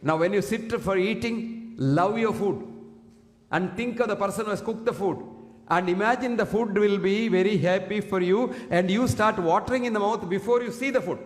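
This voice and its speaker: A man giving an emphatic public health talk to an audience, standing at a single microphone and often asking the listeners questions. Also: high-pitched. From India. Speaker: speaker addressing an audience. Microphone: single fixed microphone, standing. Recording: echoey hall with long reverb.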